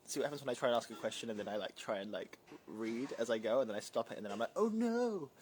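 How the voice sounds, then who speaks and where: A young New Zealand man with a faint British twang, a drag performer, reads and answers live comments during a casual livestream Q&A, chatty, playful and scattered. His voice is fairly low and darkish, and he talks at a racing clip over slight background noise.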